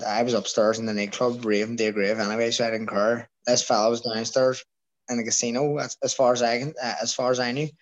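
This clip features a guest from Ireland, a young man who used to box as an amateur, spinning a rowdy yarn with plenty of swearing and acted-out quotes from others. His voice sits at a medium pitch, and the high frequencies are cut off.

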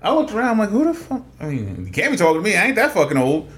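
A man's voice: sits high, huge pitch swings, rapid-fire, a bit bright. A man in his thirties co-hosting a casual podcast chat, telling stories and acting out the dialogue. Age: 30s. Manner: storytelling, acts out dialogue. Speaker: podcast co-host.

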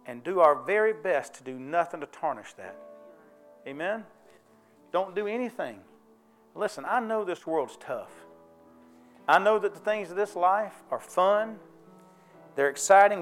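A pastor with a high, bright-sitting voice delivers a folksy, conversational sermon in church. He keeps asking the congregation if they follow him. A faint instrument plays softly underneath. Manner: folksy, conversational preaching with call-and-response questions.

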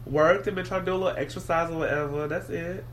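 A man's voice: steady tone, quick pace, a bit bright, a little hiss or hum. A man co-hosting a podcast in casual, joking chat. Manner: playful, shifts into joking high and low voices. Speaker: podcast co-host.

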